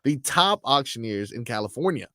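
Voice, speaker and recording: A man's voice: medium pitch, big pitch swings, moderate pace, sharp tone, dry recording, studio quality. A man co-hosting a sports talk radio show, reading out figures and tossing in wry remarks. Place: radio studio.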